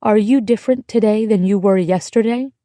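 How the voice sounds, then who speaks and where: Woman playing a gentle but firm American friend, mellow tone, dry close mic. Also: medium pitch, fairly quick, no room sound, close to an everyday voice. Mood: reassuring. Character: kind, steady American woman in Paris.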